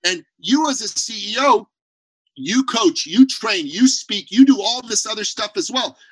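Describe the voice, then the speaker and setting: A man with a high, bright voice speaks as an interview guest, blunt and emphatic. He tells stories with plenty of animation. The sound is dry and close. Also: animated, measured pace, slightly rough, dry recording, poor audio. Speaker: podcast guest, business owner. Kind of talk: energetic interview talk.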